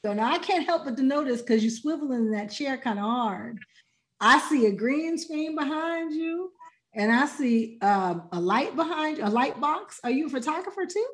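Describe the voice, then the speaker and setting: A woman's voice: sits high, expressive, moderate pace. A woman hosting a podcast, casual and outspoken, joking with her guests. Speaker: podcast host. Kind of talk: casual chat.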